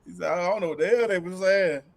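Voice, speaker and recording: A middle-aged man co-hosting a casual livestream, telling animated stories from home, laughing often and acting out quotes. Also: high voice, fast talker, creaky. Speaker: livestream co-host. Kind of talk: casual chat.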